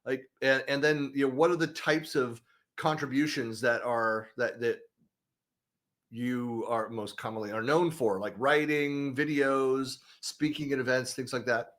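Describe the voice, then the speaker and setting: A man's voice: mid-range voice, fairly even intonation, unhurried, a bit bright. A man hosting an interview over a video call, chatty and upbeat with lots of casual fillers. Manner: chatty, upbeat, many fillers like "you know". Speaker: interview host.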